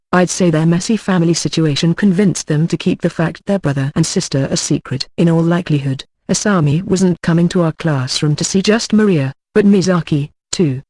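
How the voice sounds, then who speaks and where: A man's voice: a little high, darkish tone, no room sound. A man narrating an audiobook in the first person, reading a tense, bewildered inner monologue.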